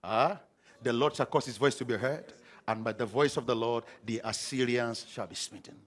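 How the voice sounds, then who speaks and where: A middle-aged man preaching a sermon, animated and humorous, acting out scenes with sound effects. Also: mid-range voice, moderate pace. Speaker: pastor.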